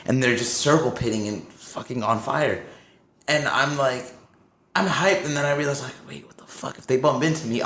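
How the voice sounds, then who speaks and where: A man on a podcast telling a wild tour story in a casual, animated way, swearing freely and acting out what others said. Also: mid-range voice, slight background noise. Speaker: touring crew guest. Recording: roomy with faint ambience.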